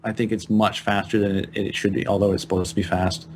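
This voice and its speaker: A man co-hosting a casual gaming podcast, talking in halting bits and restarting his points. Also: lowish voice, level tone, a little mellow, a little hiss or hum. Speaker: podcast co-host.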